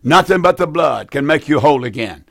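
A man's voice: fairly high pitch, lively intonation, brisk, vocal fry, no room sound, studio quality. A man hosting a call-in radio Bible program, preaching fervently with repeated phrases and frequent restarts. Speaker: radio Bible teacher taking calls.

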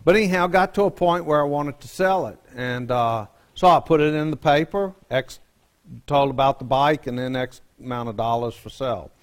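Folksy joking preacher. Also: male voice, mid-range voice, normal speed. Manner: folksy, joking, animated storyteller. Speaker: pastor. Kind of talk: storytelling sermon.

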